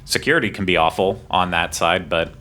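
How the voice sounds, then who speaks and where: A man co-hosting a podcast, chatting casually with quick asides and laughing at himself. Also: deep voice, sharp tone. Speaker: podcast co-host.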